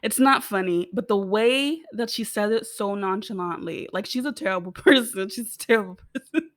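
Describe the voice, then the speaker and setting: A woman's voice: mid-range voice, normal speed, no room sound, studio quality. A young American woman giving a casual, rambling TV recap, giggling and swearing freely as she talks. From United States. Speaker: TV show reviewer.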